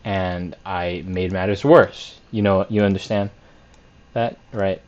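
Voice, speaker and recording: A man with a fairly low voice walks through his trades, openly picking apart his own mistakes. He thinks out loud, with fillers and restarts as he goes. The recording sounds dull and lo-fi. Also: fairly even intonation, slow pace. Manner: self-critical, candid, thinks aloud with fillers. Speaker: day trader reviewing his week. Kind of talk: screen-share trade review.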